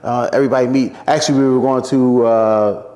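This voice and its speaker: Man from Philadelphia, radio personality guest, animated storyteller, slight reverb. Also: mid-range voice, fairly quick. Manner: animated storyteller acting out quotes in a raised voice. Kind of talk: casual interview storytelling.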